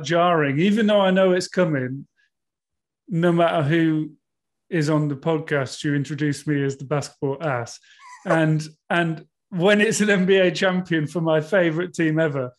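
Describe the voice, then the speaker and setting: A British man co-hosting a podcast, chatty and self-mocking in casual talk. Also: fairly high pitch. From United Kingdom. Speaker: podcast co-host.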